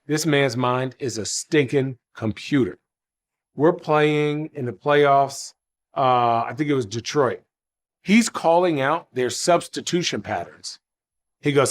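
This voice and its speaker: A man telling a vivid story from a playoff game, rattling off plays quickly. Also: medium pitch. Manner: quick, vivid play-by-play retelling.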